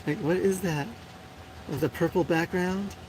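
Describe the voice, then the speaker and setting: A woman's voice: fairly low pitch, steady tone, a little slow, noisy background. A woman in her forties hosting a live stream and chatting casually with viewers. She answers comments bluntly, with lots of fillers and frequent laughs. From Puerto Rico. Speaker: live show host.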